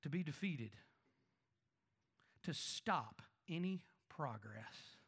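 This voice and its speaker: Pastor preaching in a lively conversational sermon. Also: male voice, on the high side, takes it slowly, vocal fry, slightly rough. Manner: conversational preaching with rhetorical questions to the congregation; swings between emphatic raised lines and quiet asides.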